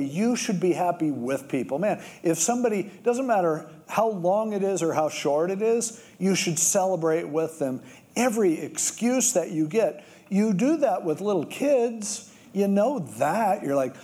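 A man's voice: high-pitched, moderate pace. A middle-aged man preaching a sermon, telling stories and acting out the voices of the people in them. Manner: storytelling with acted-out voices, lively and conversational. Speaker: pastor.

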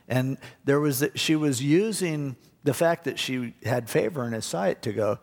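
A man's voice: mid-range voice, normal speed, hardly any pauses. A man preaching a sermon, telling stories in a conversational, casual way. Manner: conversational storytelling, acts out quotes. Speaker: pastor. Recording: long hall reverb.

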